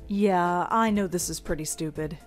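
A woman's voice: on the low side, moderate pace, faint music behind, close to an everyday voice. A woman voicing a wry, awkward young woman in a video game, dry and sarcastic.

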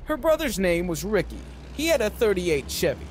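Lively high-voiced male narrator. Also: normal speed, a little hiss or hum. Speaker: audiobook narrator. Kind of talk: narrating a novel aloud.

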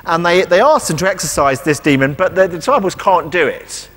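A man's voice: high voice, expressive, brisk, a bit bright. A man preaching a sermon in a conversational way, asking rhetorical questions and acting out quoted lines. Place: church. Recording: long reverb of a church hall.

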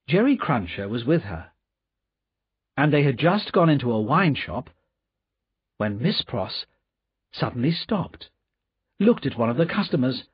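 Slow, lively male storyteller. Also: medium pitch, husky, no echo. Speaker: narrator. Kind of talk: audiobook narration. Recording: dull lo-fi recording.

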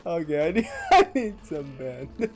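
A man's voice: fairly high pitch, very animated, measured pace, a little mellow, soft background music. A male gaming streamer commentating on gameplay, breaking into helpless hysterical laughter to the point of tears and swearing as he talks.

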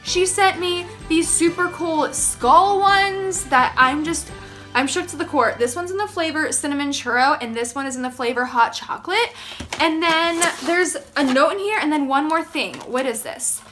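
Young female vlogger, high-pitched and gushing, faint music underneath. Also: moderate pace, a bit bright. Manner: gushing, gasping, easily thrilled. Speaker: beauty vlogger. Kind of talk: excited casual vlog talk.

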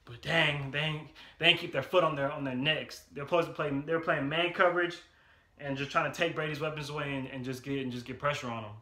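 Young guy w/ ranting about the game, real bright sharp tone, roomy echo. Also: fairly high pitch, fairly even intonation. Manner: frustrated, loud and emphatic, repeats himself; slang-heavy, talks fast through stats. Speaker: sports fan vlogger. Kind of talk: casual game reaction rant.

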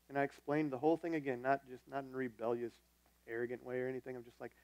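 A man's voice: medium pitch, flat delivery, very fast, darkish tone, no echo. A man preaching a sermon as the church's pastor, telling a personal story in a conversational, self-deprecating way.

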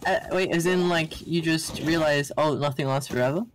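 A man's voice: fairly high pitch, moderate pace, a loud crowd. A man playing a game with friends over voice chat, wry and polite, musing now and then. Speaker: co-player. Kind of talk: casual gaming chat. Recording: noisy voice chat.

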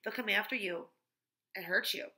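A woman's voice: medium pitch, moderate pace, bright, forceful tone. Joy, a woman voicing a pushy, scheming schoolgirl. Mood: warning. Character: scheming, greedy young schoolgirl.

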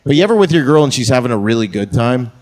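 A man's voice: mid-range voice, sing-song, very fast. A man performing a crude, brash stand-up comedy set on a theatre stage. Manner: crude, brash punchline delivery.

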